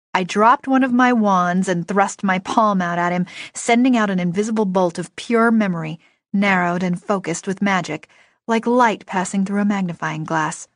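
A woman reads a first-person novel aloud with lively, expressive delivery. Her voice sits at a middle pitch for a woman. The sound is dry and close, with no room around it. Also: dry recording. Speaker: audiobook narrator.

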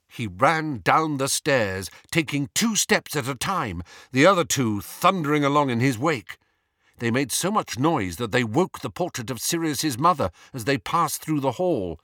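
Slow, expressive male audiobook narrator. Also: medium pitch, no room sound, clean studio sound. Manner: measured, expressive storytelling. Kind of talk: scripted narration.

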